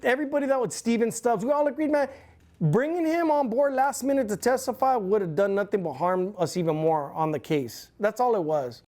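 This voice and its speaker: A man's voice: sits high, a little fast. Profane, rambling middle-aged man. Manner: profane, rambling, animated retelling. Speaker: interview guest. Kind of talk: casual storytelling interview.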